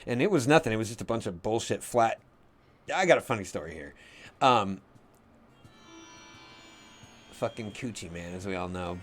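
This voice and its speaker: A young adult man telling a long, rambling, profanity-heavy story in a casual way, getting loud when he acts out his own shouting. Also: lowish voice, animated, fairly quick, faint music behind.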